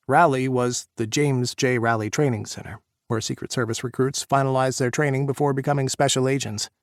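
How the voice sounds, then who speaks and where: A man narrating an audiobook in a measured, even reading voice. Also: mid-range voice, dry recording, studio quality.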